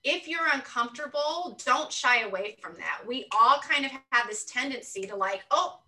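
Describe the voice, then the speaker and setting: A woman's voice: a little high, lively intonation, moderate pace, sharp tone, far from the mic, poor audio. A woman guest on an interview podcast, speaking earnestly and thinking aloud, often checking in with "right?". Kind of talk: reflective conversational interview talk.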